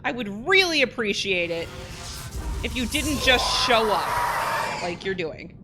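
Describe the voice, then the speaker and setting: A woman commenting on her gameplay as host, chatting to the game's characters and yelping loudly when startled. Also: on the high side, very animated, slow pace, very noisy. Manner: chatty, talks to game characters, startled into loud yelps. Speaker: let's play host. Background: game music and gunfire.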